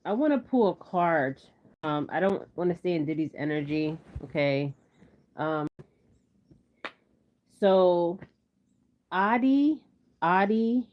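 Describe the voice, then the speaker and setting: Chatty woman tarot reader, lo-fi. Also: on the low side. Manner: chatty, rambling, frequent "okay?" tags. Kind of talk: casual tarot reading vlog. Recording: slightly dull lo-fi audio.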